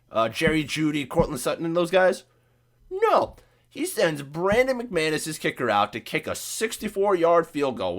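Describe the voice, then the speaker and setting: Midwestern guy with a cold, voice cracking, fired-up sarcastic sports rant, a touch high-pitched. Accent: Midwestern American. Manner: profane, sarcastic, animated ranting. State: sick, voice cracking. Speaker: podcast host.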